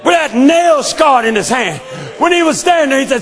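A man preaching a sermon with emphatic call-and-response, often shouting and then dropping low. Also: very animated, moderate pace, hardly any pauses, some chatter behind.

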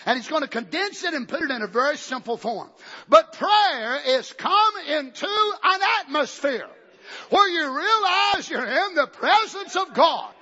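A man preaching a fiery revival sermon, bursting into shouts and then dropping low and conversational. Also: in a large hall. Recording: dull lo-fi recording.

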